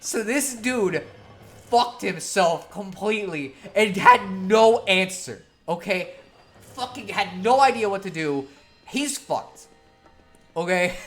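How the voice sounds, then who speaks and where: Animated woman telling a story. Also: medium pitch, slow pace, soft background music. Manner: animated, profane, laughing storyteller. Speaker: streamer. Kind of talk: casual storytelling on a game stream.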